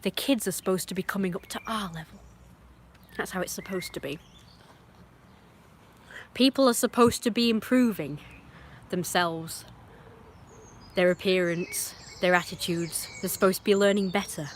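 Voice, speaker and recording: A woman's voice: medium pitch, normal speed, pauses often, a little hiss or hum. A woman from northern England with a northern English accent, giving an opinionated, emphatic monologue on a livestream. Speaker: livestream host.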